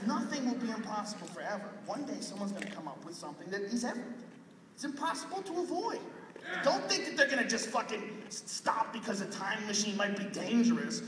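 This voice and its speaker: A man doing a live stand-up set, loud and profane, with shouted bursts. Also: high voice, expressive, quick pace. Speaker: stand-up comedian. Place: large live venue with an audience. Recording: distant audience recording in an echoey hall. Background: loud crowd laughter and noise.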